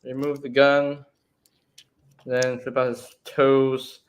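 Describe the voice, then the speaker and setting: A man's voice: mid-range voice, monotone, slow. A man co-hosting a casual live stream, explaining a toy's transformation step by step. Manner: step-by-step explaining while handling a toy.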